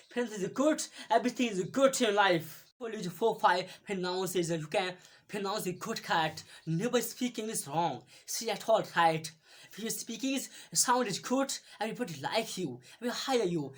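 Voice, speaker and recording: In a casual video lesson, a woman with a mid-range voice teaches English pronunciation. She speaks haltingly, repeats every word many times and uses lots of fillers.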